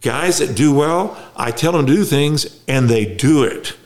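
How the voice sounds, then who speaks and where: A middle-aged man telling his recovery story as a podcast guest, halting and reflective, with many restarts. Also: on the high side. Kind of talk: casual conversation.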